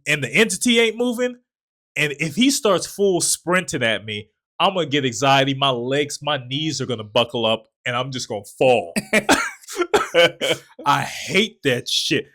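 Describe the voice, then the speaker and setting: A young man co-hosting a casual movie review chat, retelling scenes in an animated way and swearing often. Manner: animated retelling, puts on low voices for quotes, swears often. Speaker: podcast co-host.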